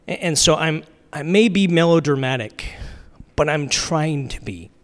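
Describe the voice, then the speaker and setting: Casual pastor preaching in a reverberant hall. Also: male voice, a little high, animated, measured pace, fairly bright tone. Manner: casual, conversational, with many fillers and restarts. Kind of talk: sermon. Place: church sanctuary. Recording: long reverb of a large hall.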